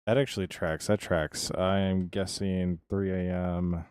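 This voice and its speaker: A man's voice: deep voice, fairly even intonation, measured pace, darkish tone, clear, resonant tone, dry recording, studio quality. An American man live-streaming a building game, chatting casually with viewers and rambling between tasks as he answers them by name. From United States.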